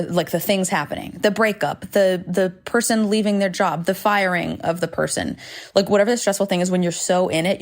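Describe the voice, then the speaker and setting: A woman in her thirties hosting a solo podcast, talking frankly and rambling with self-deprecating asides and swearing. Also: lowish voice. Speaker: podcast host. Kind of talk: candid solo podcast monologue. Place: home recording space with planes overhead.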